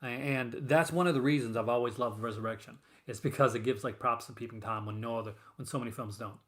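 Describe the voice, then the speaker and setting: A man's voice: medium pitch, fast talker, fairly bright tone. A man hosting a casual stream, rambling and full of fillers and restarts as he chats with viewers. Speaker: host of a horror film collecting show. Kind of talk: casual live-stream chat.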